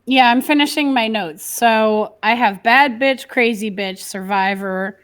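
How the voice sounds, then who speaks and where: A woman's voice: on the high side, measured pace, a bit bright. A woman playing a tabletop role-playing game, chatting animatedly and laughing often. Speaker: player. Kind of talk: tabletop role-play chat.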